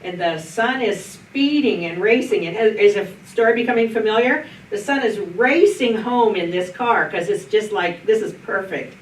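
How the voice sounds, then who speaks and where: A woman's voice: medium pitch, expressive, moderate pace, few pauses. A middle-aged woman pastor leading a group Bible study, telling stories in a folksy, anecdotal way with frequent restarts. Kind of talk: storytelling in a group discussion. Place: church meeting room. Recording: roomy, distant mic, faint noise.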